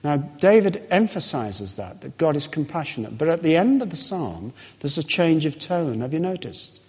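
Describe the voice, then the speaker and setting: A man preaching a sermon, telling a story with pauses and restarts. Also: fairly high pitch, breathy edge. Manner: storytelling, pauses and restarts, lively rise and fall. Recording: dull lo-fi sound in long hall reverb.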